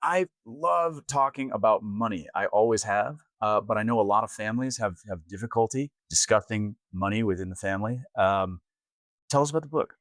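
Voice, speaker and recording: Male podcast host, low and upbeat, dry mic. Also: a little fast, no room sound. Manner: agreeable and enthusiastic. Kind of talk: interview chat.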